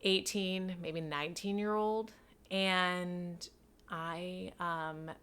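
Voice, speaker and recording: Chatty bright-voiced woman podcaster. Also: lowish voice, steady tone, very slow, clear, resonant tone. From New York. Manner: chatty, self-deprecating, playful asides. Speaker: podcast host. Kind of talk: casual solo storytelling.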